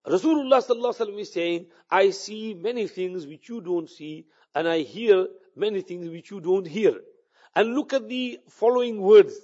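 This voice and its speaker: A man preaching a sermon, his voice sitting fairly high for a man. He weaves Urdu and Arabic phrases into his English and retells anecdotes with quoted dialogue. The recording sounds dull and lo-fi. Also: a little mellow.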